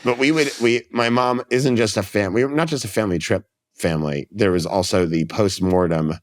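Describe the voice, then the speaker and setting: A man with a somewhat low voice chats as a podcast guest. He tells stories in a loose, rambling way, often restarting his sentences and briefly acting out what other people said. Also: a little fast, slight background noise. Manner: rambling storyteller, restarts, acts out quotes. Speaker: comedian guest. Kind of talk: casual podcast chat.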